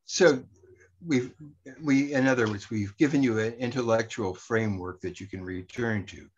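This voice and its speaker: Husky guy walking people through a workshop exercise, steady and instructional. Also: medium pitch, moderate pace, muffled recording. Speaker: workshop presenter. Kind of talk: explanatory spoken presentation.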